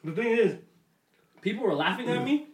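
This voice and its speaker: A young man hosting a podcast, telling a story in a lively, casual way and laughing often. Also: very high-pitched, normal speed. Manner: animated, laughs often while telling stories. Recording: echoey room with faint noise.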